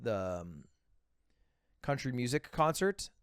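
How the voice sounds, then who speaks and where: A man's voice: mid-range voice, sing-song, takes it slowly, very noisy. A man streaming from home who chats casually and rambles while joking, trailing off with little filler noises. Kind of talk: casual chat reacting to videos.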